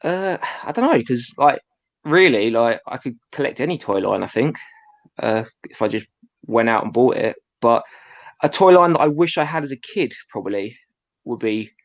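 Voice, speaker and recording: A man's voice: medium pitch, lively intonation, normal speed, dull audio. A man chatting as a guest, hesitant and full of fillers. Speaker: guest collector. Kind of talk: casual chat.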